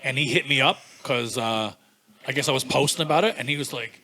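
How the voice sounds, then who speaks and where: Bright-voiced comedian man. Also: medium pitch, brisk, slight background noise. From Newfoundland, Canada. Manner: profane, animated, acts out voices. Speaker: stand-up comedian guest. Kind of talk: casual storytelling chat.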